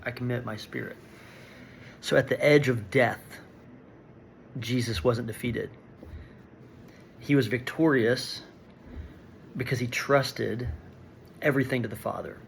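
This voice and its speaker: A man's voice: medium pitch, takes it slowly, vocal fry, long pauses, a little hiss or hum. A man giving an earnest, reflective daily devotional talk and reading scripture aloud. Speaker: devotional speaker.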